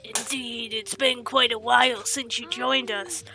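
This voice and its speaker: A woman's voice: fairly high pitch, steady tone, unhurried, gravelly. A woman voicing a haughty, cold young rich man, reading game dialogue aloud in a condescending, clipped way.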